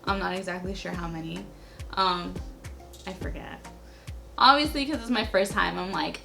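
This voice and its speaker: A woman's voice: fairly low pitch, moderate pace, vocal fry, pauses often, over loud music. A young adult woman vlogger telling a personal story to camera in a casual, chatty way, leaning heavily on "like" as a filler.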